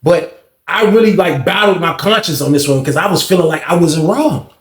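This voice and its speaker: Young man, slangy storyteller who acts out every voice; slightly high pitch, roomy echo. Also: lively intonation, normal speed. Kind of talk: casual storytime monologue.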